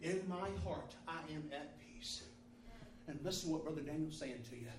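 Recorded from a distance in a roomy church sanctuary hall, a man with a fairly high voice preaches a fervent sermon at normal speed. He repeats phrases call-and-response style, over some background noise.

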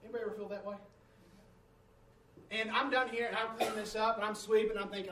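A man with a high voice preaches a sermon, telling a story and asking the congregation to answer back. He stands away from the mic in a roomy church, so his voice carries a lot of room echo. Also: level tone, quick pace, pauses often, fairly bright tone, recorded from a distance, slight background noise.

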